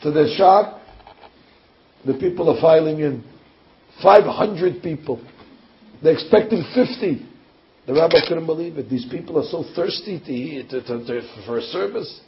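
A man with a fairly high voice tells a sermon story with lively, animated delivery. He stumbles and repeats himself, then lifts into bursts of emphasis. The recording sounds dull and lo-fi. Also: normal speed, pauses often.

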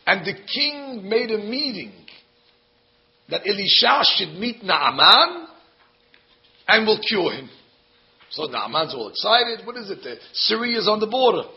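A man teaching a Bible lesson to a group of women as a lively storyteller, acting out the characters. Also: high voice, a little slow, long pauses. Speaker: religious teacher. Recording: dull lo-fi recording.

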